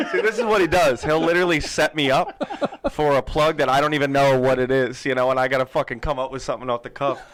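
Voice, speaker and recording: A man's voice: medium pitch, quick pace, a bit bright, no room sound. A man co-hosting a podcast, bantering with laughter and casual swearing. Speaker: co-host.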